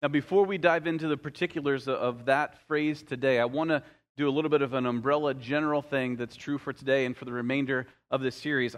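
A man's voice: mid-range voice, a bit bright. A man preaching a sermon in a church, talking conversationally and addressing the congregation directly. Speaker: pastor. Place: church sanctuary. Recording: long reverb of a large hall.

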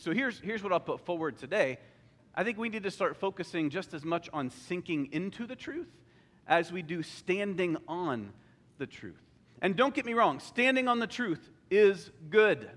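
A man's voice: fairly high pitch, a bit bright. A man preaching a sermon in an earnest, conversational way. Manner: conversational, earnest, with sung quotes. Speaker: pastor. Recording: long hall reverb.

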